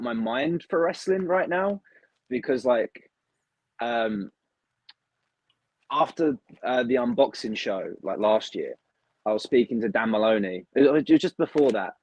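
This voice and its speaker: Husky-voiced young British man, chatty. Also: medium pitch, dry recording, rough recording. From United Kingdom. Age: young adult. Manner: chatty, excitable, heavy use of "like". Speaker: wrestler, guest. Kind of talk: casual interview chat.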